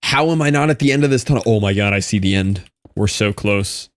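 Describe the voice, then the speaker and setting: A man's voice: lowish voice, a little fast, no echo. A man streaming a block-building game, chatting casually and joking back at the videos he plays. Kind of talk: casual gameplay commentary.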